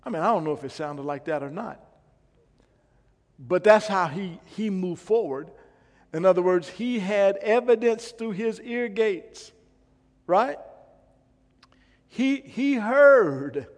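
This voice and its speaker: A male pastor with a rather high voice preaches emphatically, repeating his points and quizzing the congregation. His voice carries a long reverb from the church hall. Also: measured pace, pauses often, darkish tone. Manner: emphatic, repeats phrases and asks the congregation questions. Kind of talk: sermon.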